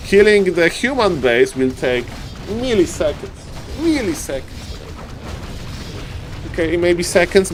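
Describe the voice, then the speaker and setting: Man, esports caster, theatrical exclamations, lively swinging pitch, faint music underneath. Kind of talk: excited game commentary.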